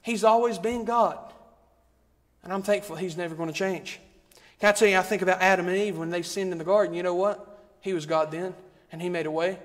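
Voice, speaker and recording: A man's voice: sits high, fairly even intonation, fairly quick. A man preaching a sermon, in a rhythmic, repetitive style that builds emphasis. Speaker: guest preacher. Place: church sanctuary. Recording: long reverb of a church hall.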